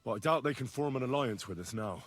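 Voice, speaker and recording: An earnest young squire, delivering his lines plainly and with sincerity. His voice is husky, at a middle pitch for a man. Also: animated, fast, a bit bright. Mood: solemn. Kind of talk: video game voice acting.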